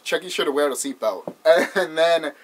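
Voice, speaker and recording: A man's voice: a little high, moderate pace. Rambling, swearing man recapping a movie. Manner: rambling, swears a lot, laughs while retelling. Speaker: movie reviewer.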